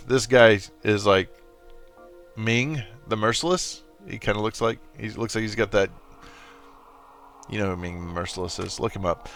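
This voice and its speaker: A man's voice: fairly low pitch, measured pace, pauses often, a bit bright, faint music behind. A man hosting a game let's play, with chatty, self-correcting asides. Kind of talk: casual gameplay commentary.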